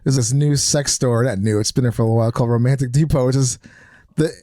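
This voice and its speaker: A man's voice: mid-range voice, steady tone, quick pace, dark tone, dry recording, clean studio sound. A man co-hosting a podcast, telling a crude story in casual chat and laughing often. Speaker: podcast co-host. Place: New York.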